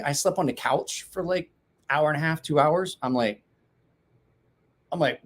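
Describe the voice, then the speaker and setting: Speaking a little high at normal speed and pausing often, this knife-sharpening podcast host, a man in his forties, rambles through a casual chat show in his garage. He laughs and swears frequently.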